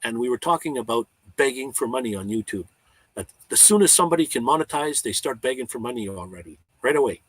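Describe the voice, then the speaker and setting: Husky-voiced man rambling in a live chat. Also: mid-range voice, expressive, quick pace, no echo, poor audio. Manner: rambling and heartfelt, with many restarts and stammers. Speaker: vlogger hosting a live chat. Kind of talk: casual live-stream chat.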